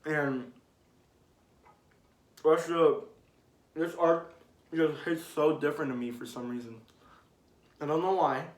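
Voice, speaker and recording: Male vlogger, slightly high voice, casual excitable rambler, echoey room. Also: slow, long pauses. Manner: excitable, swearing, trails off into sighs. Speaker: manga video creator.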